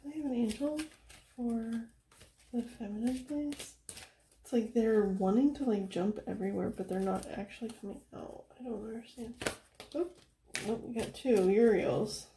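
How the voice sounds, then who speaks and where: A young woman giving a casual tarot reading, soft-spoken and chatty, laughing often and filling her talk with "like". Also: on the high side, moderate pace, roomy sound, a little hiss or hum. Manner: giggly, chatty, soft-spoken, with frequent fillers. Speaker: tarot reader.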